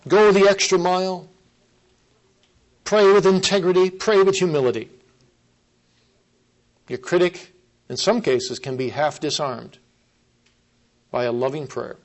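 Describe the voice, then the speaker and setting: A man preaching a sermon, earnest and emphatic, repeating key phrases and slowing down to stress them. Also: fairly high pitch, low-quality recording.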